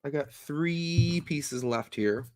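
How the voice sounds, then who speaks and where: A man's voice: on the high side, slow, dry recording, studio quality. A man co-hosting a casual chat, laid-back and self-mocking, with many fillers. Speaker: musician co-host.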